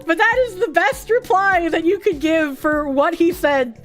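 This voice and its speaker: A woman's voice: very high-pitched, measured pace, a bit bright, faint music behind. A woman streamer chatting casually and reading chat messages, with crude, laughing, incredulous reactions.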